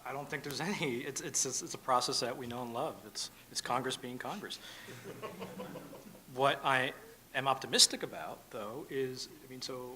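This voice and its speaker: A man speaking as a panelist at a policy event, halting, with many fillers and restarts. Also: mid-range voice, sharp tone, slight background noise, rough recording. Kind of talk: panel discussion. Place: conference room.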